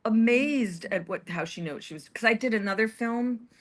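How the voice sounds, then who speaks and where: A woman's voice: fairly high pitch, moderate pace. A woman chatting casually on a livestream, rambling and hesitant with many restarts. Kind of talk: casual chat.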